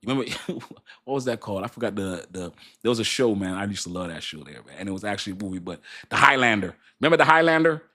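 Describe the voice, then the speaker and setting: A man's voice: low-pitched, very fast, hardly any pauses, sharp tone. A middle-aged man hosting a casual crypto livestream, rambling, laughing often and reading viewers' chat messages aloud.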